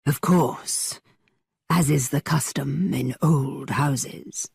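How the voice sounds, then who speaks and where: A woman voicing a teasing young man who tells spooky tales in a dramatically low voice. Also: takes it slowly, no echo, exaggerated voice. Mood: hushed. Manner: dramatically low, hushed storytelling.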